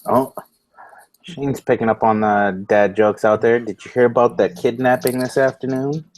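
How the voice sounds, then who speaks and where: A man's voice: medium pitch, fairly even intonation, moderate pace, darkish tone. A man hosting a casual online talk show, talking loosely with lots of swearing and jokes. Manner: loose, profane, joking, running on little sleep. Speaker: host of a vaping talk show. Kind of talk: casual chat.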